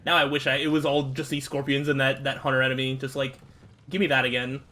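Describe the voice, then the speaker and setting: A young man giving casual let's-play commentary, frustrated and swearing at the game, with outbursts and low muttering. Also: level tone, quick pace, bright, forceful tone, a little hiss or hum. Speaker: gaming streamer.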